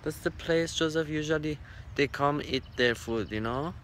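Outdoors at a farm, a man films his cockatoo, talking to it fondly and coaxing it with repeated words. His voice is slightly high and a bit bright, at a normal speed, with slight background noise.

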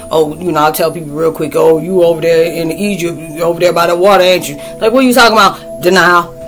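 Animated, slangy woman vlogger. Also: sits low. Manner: loose, animated, slangy, acts out quoted friends. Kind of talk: casual spoken vlog, talking to viewers.

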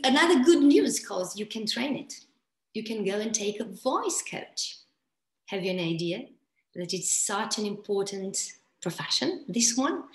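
A woman presenting on voice to an audience of coaches over a video call, in a deliberate and expressive way. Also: mid-range voice. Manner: slow, deliberate and expressive, with playful vocal demonstrations. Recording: roomy echo.

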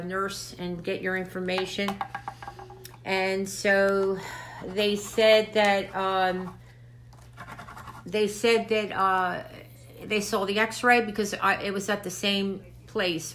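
A woman's voice: medium pitch, fairly bright tone, a little hiss or hum. Older woman, crafts host, rambling chat, short of breath. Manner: rambling, chatty storytelling. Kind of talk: casual chat to camera.

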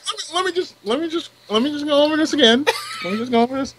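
A man hosting a casual game session with friends, excitable and laughing, often repeating himself. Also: extremely high pitch, very fast, noisy background. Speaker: host and player.

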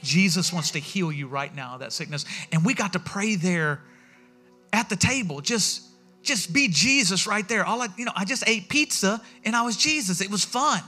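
A man preaching a sermon as pastor in a church, telling stories in a lively way and acting out what people said. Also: sits high, moderate pace, soft background music. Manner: animated storytelling, acting out quotes.

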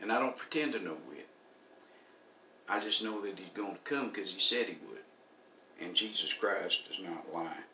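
Older male preacher, folksy sermon voice, bright tone, set back from the mic in a roomy space. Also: low voice, animated, normal speed, pauses often, distant mic, a little hiss or hum. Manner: folksy, homespun humor.

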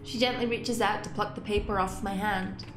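A woman gaming YouTuber reading a visual novel aloud and reacting, excitable and swearing freely. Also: moderate pace, reverberant, music in the background. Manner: excitable, swears freely, squeaks when frustrated.

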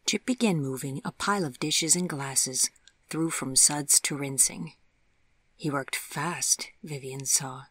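An audiobook narrator reading a story in a soft, hushed, breathy voice. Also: mid-range voice, fairly even intonation, measured pace, no echo, studio quality. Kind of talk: scripted narration.

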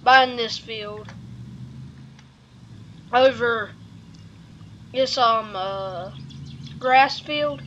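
A woman vlogging outdoors by a truck and trailer, rambling and halting with many fillers while she has the hiccups. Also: on the high side, fairly bright tone, lo-fi sound, slight background noise. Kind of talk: casual vlog narration.

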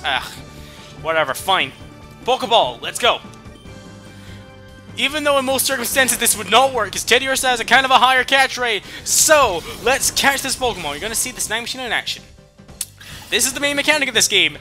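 A man hosting a video game let's play, commenting in an excitable way with loud whoops. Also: very high voice, normal speed, faint music behind. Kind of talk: gameplay commentary.

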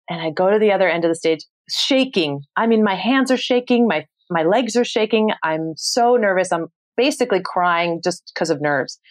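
A woman in her thirties from New York City, a podcast guest telling a story with expressive energy and casual swearing. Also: lowish voice. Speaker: podcast guest, travel show host. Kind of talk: animated storytelling.

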